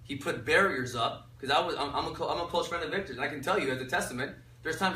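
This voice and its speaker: A man with a bright, slightly high voice coaches a live audience, pausing to let them finish his sentences. The mic sits some way off, so his voice carries a roomy echo over faint background noise. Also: far from the mic. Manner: energetic, quizzes the audience with fill-in questions. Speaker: workshop speaker. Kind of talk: motivational workshop talk. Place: echoey workshop room.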